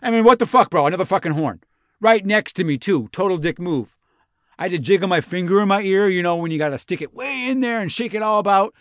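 For a podcast reenactment played for laughs, a man performs a breathless young Roman envoy who rambles and swears like a slang-heavy bro. His voice is pushed well above his own into a high, expressive, somewhat bright register, and he speaks fast. There's no room sound in the clean studio audio.

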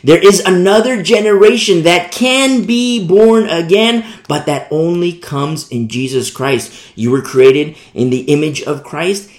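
Emphatic male preacher in a roomy space. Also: a little high. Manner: emphatic, repeats key phrases, swings between loud and soft. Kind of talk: sermon. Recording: roomy echo.

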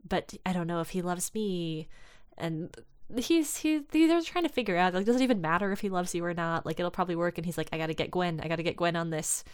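A woman with a low, smooth voice in casual chat, recapping a story and slipping into the characters' lines as she goes. The sound is dry and close, with no room around it. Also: expressive, fast talker, dry recording. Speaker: podcast co-host discussing fan fiction.

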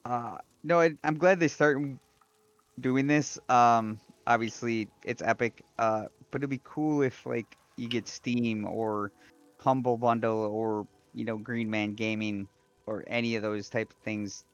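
A man's voice: medium pitch, steady tone, unhurried, soft background music. A man co-hosting a podcast, chatting casually and telling rambling stories full of fillers and restarts. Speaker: podcast co-host. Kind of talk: casual chat. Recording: dull dry lo-fi mic.

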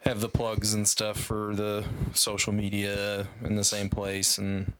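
A man's voice: fairly low pitch, completely flat delivery, measured pace, a bit bright, no echo. A man hosting a casual podcast chat, rambling with many fillers. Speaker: podcast host and editor.

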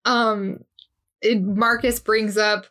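A young woman co-hosting a podcast, chatting about a show in a lively, giggly way. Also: medium pitch, slow pace. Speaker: podcast co-host. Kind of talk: casual chat about a TV series.

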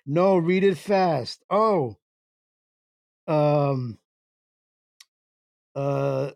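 A man's voice: fairly high pitch, very slow, gravelly, long pauses, a little mellow, no echo. A man hosting an internet radio livestream, jokingly reading chat comments aloud and stumbling through words in playful confusion.

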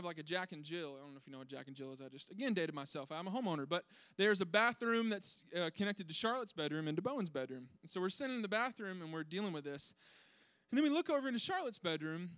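Young dad with a high voice, animated comic storytelling, dry close sound. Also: male voice, fast talker, dry recording. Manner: animated, self-deprecating, acts out his kids' voices. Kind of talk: comedic storytelling to an audience.

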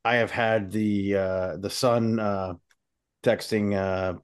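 A man in his forties co-hosting a casual podcast, talking in a halting way with many pauses. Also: lowish voice, steady tone, clean tone, dry recording, clean studio sound. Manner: halting, lots of filler pauses. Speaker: podcast co-host. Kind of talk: casual chat.

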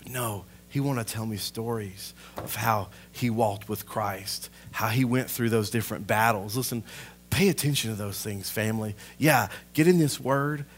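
Pastor preaching with fervor. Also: male voice, mid-range voice. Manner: impassioned preaching that swells loud, then drops to a hushed aside. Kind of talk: sermon.

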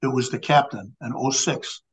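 A man's voice: mid-range voice, normal speed, low-quality recording. A man in his seventies from Illinois, a guest on a podcast telling a long anecdote in a rambling way with many restarts. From Illinois, USA. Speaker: guest, former law enforcement official and Navy veteran. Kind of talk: conversational storytelling.

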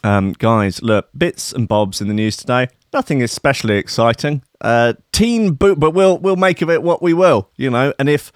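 A man's voice: mid-range voice, moderate pace, hardly any pauses, clear, resonant tone, no echo, studio quality. A man hosting a show, chatting in a rambling, profane, joking way. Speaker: show host. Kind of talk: casual chat.

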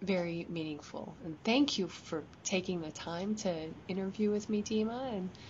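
A woman hosting a podcast, chatting with a guest and gently telling a folktale. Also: fairly low pitch, moderate pace, dull audio, a little hiss or hum. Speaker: podcast host and storyteller. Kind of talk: podcast chat and folktale storytelling.

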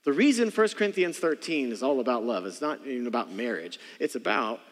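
Animated male pastor preaching in a reverberant hall. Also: medium pitch, fairly quick. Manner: animated, acts out voices, calls for audience response. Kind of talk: sermon. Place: church sanctuary.

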